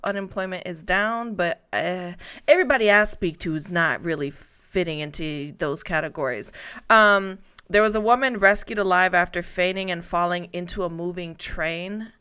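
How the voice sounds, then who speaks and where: A woman's voice: on the low side, moderate pace, bright, forceful tone, clear, resonant tone. A woman hosting a casual talk show, chatty and laughing often as she reads headlines.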